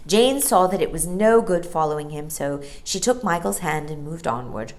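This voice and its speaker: A woman reading a children's storybook aloud as a storyteller, expressive and lilting. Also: on the low side, moderate pace.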